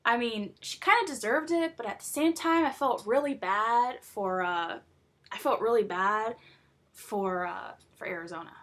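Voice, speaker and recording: A young woman vlogging casually, chatty and rambling, full of fillers and excited asides. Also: a little high, a little slow. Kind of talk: casual chat about a TV show.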